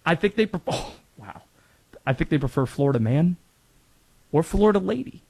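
A man's voice: on the high side, moderate pace, creaky, slightly rough. A man from North Carolina hosting a casual sports talk show, joking and telling stories. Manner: animated, jokey, quotes and impressions. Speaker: sports radio host.

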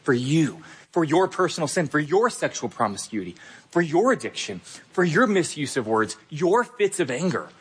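A pastor delivering an emphatic, earnest sermon, repeating key phrases. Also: male voice, a little high, very animated, normal speed, breathy edge.

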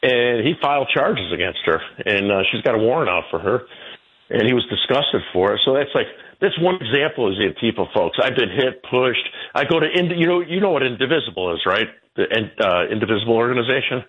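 A man in his sixties, a guest telling stories in a rambling way, his pitch jumping about as he goes. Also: big pitch swings, brisk, husky. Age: 60s. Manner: rambling storyteller, jumping pitch, laughs between. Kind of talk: casual interview talk. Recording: tinny phone line.

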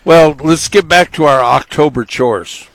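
A middle-aged man hosting a radio gardening show, giving slow, folksy, instructive advice. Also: on the high side.

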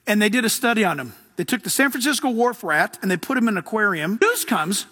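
A male pastor delivers an animated, chatty sermon with frequent laughter. His voice sits high, and it rings through a big hall with long reverb. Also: brisk, husky. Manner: animated, conversational, laughs often.

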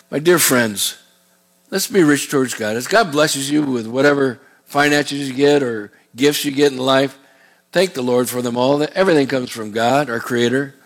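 A man's voice: mid-range voice, normal speed. A male pastor preaching a sermon in a folksy, digressive and earnest way. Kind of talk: sermon with scripture reading.

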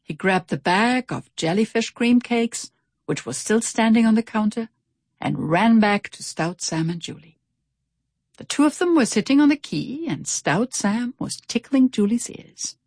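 A woman reading a children's storybook aloud in an expressive, animated way. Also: on the high side, unhurried, no echo, studio quality. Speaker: narrator. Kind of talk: storybook narration.

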